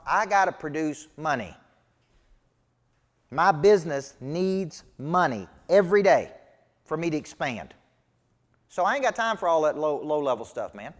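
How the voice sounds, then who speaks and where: A man's voice: fairly high pitch, big-room sound. A man with a Southern US accent giving a live business coaching talk, emphatic and folksy, quizzing his audience. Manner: emphatic, folksy and preachy, asks the audience questions. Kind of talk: live motivational training talk.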